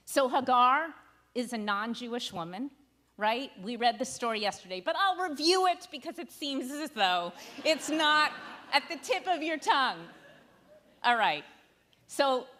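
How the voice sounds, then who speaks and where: A woman rabbi teaches a text study as her sermon in a synagogue sanctuary, her voice slightly high, pushed and bright. Her tone is conversational, with wry remarks to the congregation and dramatic readings of quoted lines.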